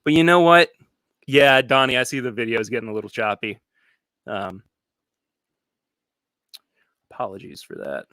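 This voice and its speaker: A man chats casually as host of a live stream from his home studio, his voice bright and forward. He rambles and restarts his sentences as he goes, reading viewer comments aloud. The sound is dry, with the room barely heard. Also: mid-range voice, moderate pace, pauses often, dry recording. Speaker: podcast host.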